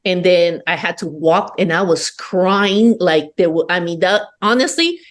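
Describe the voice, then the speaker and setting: Woman from Peru, podcast guest. Low-ish voice, blunt and emphatic, swears freely. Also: animated, a little slow. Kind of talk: candid personal storytelling.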